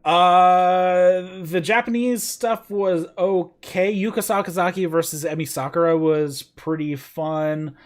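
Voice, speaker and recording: A man's voice: high voice, steady tone, slow pace, few pauses. A man hosting a casual wrestling review podcast, rambling with lots of fillers and stumbling over names. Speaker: podcast host.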